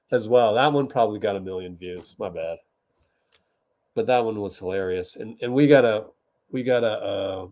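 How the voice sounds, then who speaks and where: A man's voice: mid-range voice, a little mellow. A man hosting a casual livestream watch party, chatting with viewers, laughing often and typing as he talks. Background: keyboard typing.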